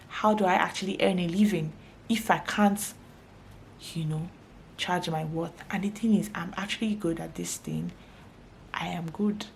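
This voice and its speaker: A young Nigerian woman with a Nigerian accent, chatting frankly and animatedly to camera as a makeup artist. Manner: animated and frank, with expressive pitch jumps. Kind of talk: casual chat to camera.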